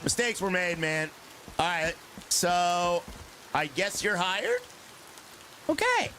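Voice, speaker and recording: A man's voice: high-pitched, takes it slowly, sharp tone, soft background music. A man streaming a game, joking and chatting with his viewers and groaning at long dialogue. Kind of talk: casual live gaming commentary.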